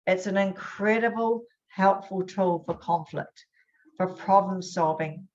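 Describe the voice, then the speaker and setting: A woman's voice: medium pitch, darkish tone. A woman hosting a webinar as a hypnosis trainer, talking in an upbeat, chatty way. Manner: upbeat, chatty, quick bursts. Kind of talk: casual webinar talk. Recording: dull lo-fi webinar audio.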